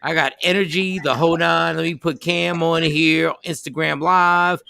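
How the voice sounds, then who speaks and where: A man hosting a morning show, loud, teasing and animated in casual banter. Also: a little high, normal speed, creaky, clean tone. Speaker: host.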